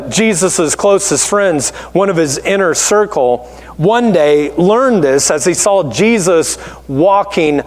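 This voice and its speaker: A male pastor preaching a sermon in a church, telling stories in a conversational, animated way. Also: extremely high pitch. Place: church sanctuary. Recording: echoey church hall.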